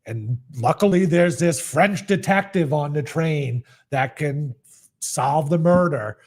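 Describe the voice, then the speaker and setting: A podcast co-host chatting casually, a man whose voice sits a bit high. He rambles along, stacking up fillers as he goes. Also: slow pace, a little mellow. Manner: rambling recap with many likes and fillers. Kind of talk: casual chat.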